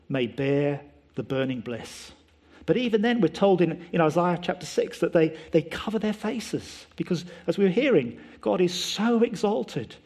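Male preacher, sermon delivery, slightly higher pitch, emphatic, asks rhetorical questions. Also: darkish tone.

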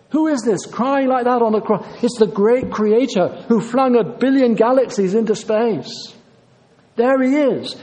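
With a high, warm, mellow voice, a Yorkshire preacher delivers his sermon earnestly and insistently, restating points to press them home. A long reverb clings to each word, suggesting a large church hall.

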